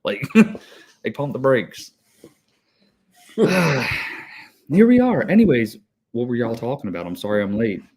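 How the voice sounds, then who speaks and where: A man's voice: mid-range voice, sing-song, normal speed, a little mellow. A man in his thirties, an HVAC technician co-hosting a podcast, telling a rambling story in a hyper, breathless way with lots of swearing. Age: 30s. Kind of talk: casual chat.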